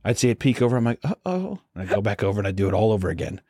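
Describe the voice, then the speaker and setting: A man's voice: on the low side, racing, dark tone, husky, no room sound, clean studio sound. A young man co-hosting a podcast, chatting casually and acting out voices in his stories. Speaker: podcast co-host. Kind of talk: casual comedic chat.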